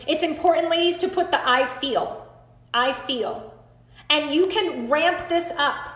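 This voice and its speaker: High-voiced woman coaching a group. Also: roomy sound. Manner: earnest, emphatic, talks straight to the group. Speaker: coach leading an online class. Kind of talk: live group coaching call.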